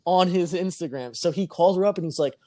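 Brisk and high-pitched, a man tells a drawn-out anecdote in casual podcast talk, cursing liberally and acting out what others said with lots of energy. The recording is dry.

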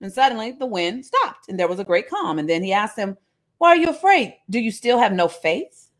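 A woman preaching a sermon, reading scripture and retelling it in a lively, joking, casual way. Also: mid-range voice, brisk. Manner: animated storytelling, jokes and voices, casual asides.

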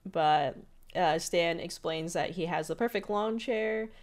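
A woman co-hosting a podcast, casually recapping an episode scene by scene with lots of "like"s. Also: lowish voice. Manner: retells scenes with many "like"s and quick character impressions. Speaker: podcast co-host.

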